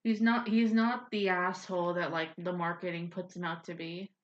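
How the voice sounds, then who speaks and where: A woman's voice: fairly low pitch, little pitch movement, normal speed. A woman co-hosting a casual podcast, chatting with lots of fillers. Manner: chatty, frequent fillers like "like" and "yeah". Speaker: podcast co-host. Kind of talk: casual chat. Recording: roomy, dull lo-fi sound.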